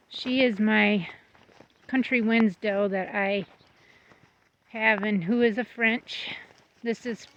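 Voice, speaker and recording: A woman's voice: a little high, fairly bright tone. A woman giving a casual vlog tour of her goat pen, chatting fondly and now and then talking to her goats. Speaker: goat breeder. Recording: slightly dull lo-fi sound.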